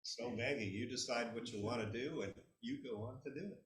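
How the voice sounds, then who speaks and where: A man hosting a storytelling evening, introducing the next teller in a relaxed way. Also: medium pitch, a little fast. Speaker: event host. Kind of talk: live introduction. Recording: echoey room with faint noise.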